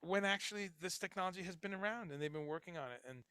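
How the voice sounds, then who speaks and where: Raised in Chicago and the Caribbean nation of Guyana before moving to New Jersey, this middle-aged livestream host swears and rambles while reading out chat comments. His voice sits high and sounds bright, forceful, and smooth, delivered fast in clean studio quality with no room sound.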